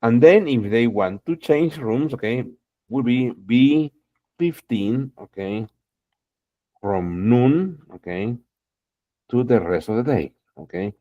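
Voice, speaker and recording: A man's voice: mid-range voice, expressive, takes it slowly, no room sound. Guy teaching english, lots of "okay", "exactly", muffled lo-fi sound. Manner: encouraging, repeats "okay" and "exactly" often. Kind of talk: online English class. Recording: dull lo-fi sound.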